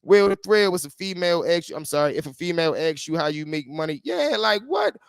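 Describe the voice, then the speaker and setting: A man hosting a casual livestream, talking in animated slang and greeting people in the chat. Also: a little high, brisk, creaky, smooth, dry recording, studio quality. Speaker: livestream host.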